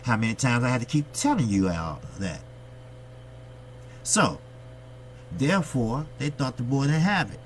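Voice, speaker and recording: A man's voice: mid-range voice, big pitch swings, unhurried, pauses often, a little hiss or hum. Blunt, ranting man talking boxing. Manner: blunt, profane, ranting delivery; talks straight to his viewers, with rhetorical questions. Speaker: boxing channel host. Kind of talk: opinionated boxing commentary monologue.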